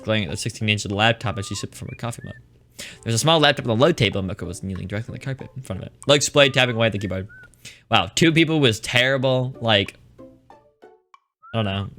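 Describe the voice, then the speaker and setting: A man's voice: lowish voice, fairly bright tone. A man streaming a visual novel, reading its text aloud and breaking off into rambling, joking commentary. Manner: rambling, joking, with many restarts. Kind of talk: casual let's-play commentary and reading aloud.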